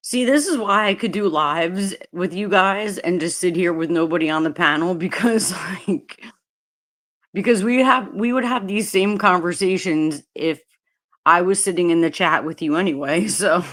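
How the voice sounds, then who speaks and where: A woman's voice: on the low side, moderate pace, a bit bright. A woman hosting a casual livestream, chatting with viewers and her dogs, swearing often and breaking into laughter. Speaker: livestream host.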